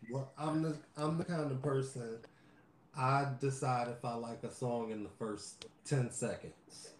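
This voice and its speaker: A man's voice: medium pitch, unhurried, a little hiss or hum. A man, the host's husband, giving a plainspoken, laid-back opinion. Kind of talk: casual chat. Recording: distant mic in echoey room.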